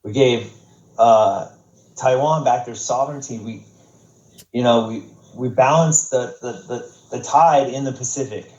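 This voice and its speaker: A man's voice: medium pitch, unhurried, darkish tone. An American man with a mid-range voice tells stories loosely, swearing often and stumbling over restarts. The room sounds echoey and the audio is a little muffled. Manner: profane, rambling, many restarts. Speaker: podcast guest. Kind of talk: casual storytelling. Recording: roomy, dull podcast audio.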